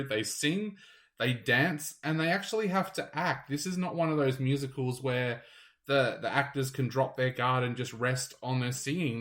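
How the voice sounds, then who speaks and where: A man's voice: mid-range voice, a bit bright. A man, a theatre reviewer, chatting casually and enthusiastically about a stage show, sometimes correcting himself.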